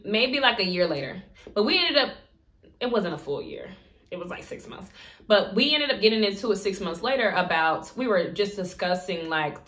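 Bright, animated woman telling a story. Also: mid-range voice. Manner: animated storytelling, acts out quotes; laughs often. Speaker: vlogger. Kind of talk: storytime vlog.

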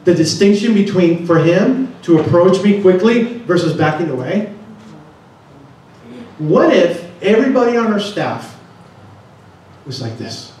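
A man's voice: high-pitched, lively intonation, a little slow, long pauses, darkish tone. A man giving a seminar talk to an audience, often putting questions to the room. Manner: asks the audience many questions. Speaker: conference speaker. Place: large conference room. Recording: echoey room, distant mic.

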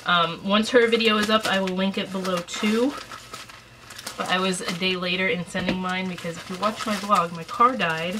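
A woman's voice: medium pitch, fairly even intonation, moderate pace, background noise. A woman vlogging at home, chatting casually through an unboxing, a little out of breath and mildly stuffed up, with a camera resting on a shelf. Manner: chatty and rambling, with fillers.

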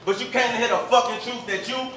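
A man delivers a battle rap in a fairly high, very bright voice, aggressive and boastful. The room echo is clear. Faint noise sits behind him, and the mic is at a distance. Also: fairly even intonation, fast talker. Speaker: battle rapper.

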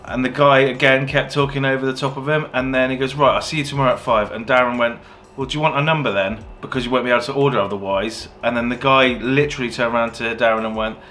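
West country guy telling a story after closing up the takeaway, swears a lot, gets animated, faint hiss behind. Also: medium pitch, fast talker, few pauses. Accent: English West Country. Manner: swears freely, animated when retelling. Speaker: vlogger and takeaway owner. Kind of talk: casual storytelling.

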